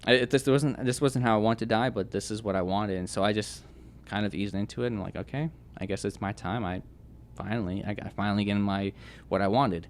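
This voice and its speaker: A young man telling his personal testimony as a podcast guest, earnest and halting, with many restarts and fillers. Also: lowish voice, slight background noise.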